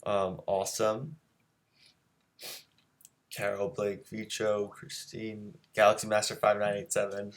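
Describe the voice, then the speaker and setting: Male art teacher hosting a live stream, deep voice, relaxed and rambling with fillers. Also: slow, pauses often. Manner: easygoing, filler-heavy, chatty with viewers. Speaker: drawing teacher and show host. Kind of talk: casual live-streamed drawing lesson.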